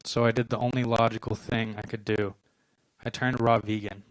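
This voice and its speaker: A man's voice: medium pitch, normal speed, dry recording, poor audio. Dry-voiced young man doing stand-up. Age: 20s. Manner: deadpan, self-deprecating delivery with short punchlines. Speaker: stand-up comedian. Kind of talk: stand-up comedy set. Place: comedy club stage.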